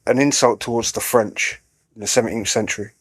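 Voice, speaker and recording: A man's voice: fairly low pitch, steady tone, breathy edge, no echo. A man co-hosting a casual livestream chat, chatty and joking. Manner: chatty, joking, quick to laugh. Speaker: co-host.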